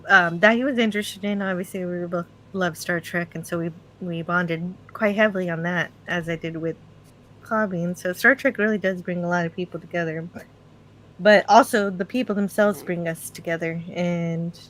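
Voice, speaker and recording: A woman's voice: on the low side, fairly even intonation, normal speed, fairly bright tone, poor audio. A woman talking casually in a group live stream and reading out chat comments. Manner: chatty, reads chat comments aloud.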